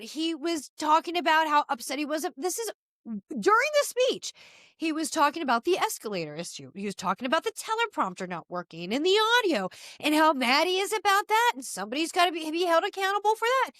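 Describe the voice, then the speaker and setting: A middle-aged woman hosting a podcast, giving opinionated casual commentary in an animated, exasperated rant with frequent asides. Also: sits high, a little fast, no room sound, clean studio sound. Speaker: podcast host.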